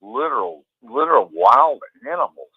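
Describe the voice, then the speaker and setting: A man's voice: medium pitch, big pitch swings, moderate pace, slightly rough, no echo. Male caller, heated and emphatic, swears; tinny phone audio. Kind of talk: call-in ranting.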